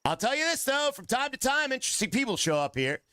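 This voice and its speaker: A man's voice: fast talker, smooth, dry recording, heavily acted. A man reading aloud as a gold-rush hotel owner who scorns miners. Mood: scornful. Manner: reading game dialogue aloud, lively swings in pitch.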